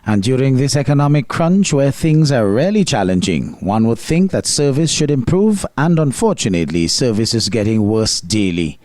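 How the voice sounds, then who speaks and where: A man's voice: medium pitch, big pitch swings, moderate pace, few pauses, a little mellow, dry recording. A man with a Grenadian accent hosting a program, delivering scripted commentary with a wry, lightly sarcastic edge. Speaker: host.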